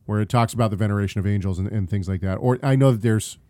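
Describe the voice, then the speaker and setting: Low-voiced man hosting, dry close sound. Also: very fast, dark tone, no room sound. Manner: hesitant, many ums and restarts. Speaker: podcast co-host reading listener questions. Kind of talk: casual chat about theology.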